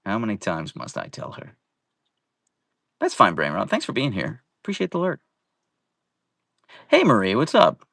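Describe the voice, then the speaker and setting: A man's voice: on the low side, wildly swooping pitch, normal speed, gravelly, pauses often, a bit bright, no echo, studio quality. A young man hosting a casual live stream from home, chatting playfully and greeting viewers by name. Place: at home, indoors.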